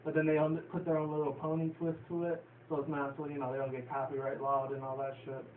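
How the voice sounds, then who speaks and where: A man's voice: fairly high pitch, monotone, fast talker. Rambling man on a tinny, distant recording. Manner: rambling, filler-heavy, swears casually. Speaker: cartoon episode reviewer. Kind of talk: casual rambling episode recap. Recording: distant, roomy, phone-like, faint hiss.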